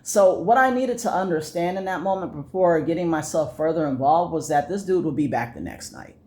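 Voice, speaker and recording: A man's voice: a little high, brisk, darkish tone. A young man vents in a loose, rambling rant, peppered with swearing. He restarts sentences and leans on fillers as he tells his story. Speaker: vlogger. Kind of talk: casual rant to camera.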